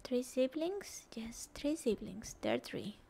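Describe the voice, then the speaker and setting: A woman's voice: fairly high pitch, animated, measured pace, gravelly, warm tone, slight background noise. A woman streaming a video game, emotional, with whispered gasps and exclamations. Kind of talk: game commentary.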